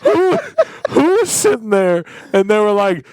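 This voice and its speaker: A man's voice: high voice, very animated, unhurried, darkish tone, dry recording. A young man co-hosting a podcast, casual comedic chat, riffing absurd bits and laughing often. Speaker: podcast co-host.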